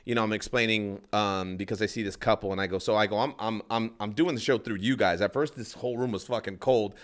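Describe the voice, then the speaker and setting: A stand-up comedian tells a rambling story at a quick clip. His voice sits on the low side, and he acts out everyone else's lines as he goes, swearing freely. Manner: rambling, animated, acts out other people's lines, swears a lot. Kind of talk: casual podcast storytelling.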